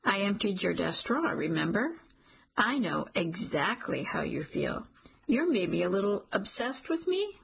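A woman reading the lines of an earnest young man in an audiobook, gently teasing and sincere. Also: mid-range voice, sing-song, a little slow, creaky, husky, heavily acted.

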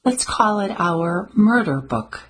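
A woman voicing a clever, earnest young woman in an audiobook, speaking briskly and a little bossily, higher than her own voice. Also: animated, fairly bright tone, breathy edge, full character voice. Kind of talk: audiobook character voice.

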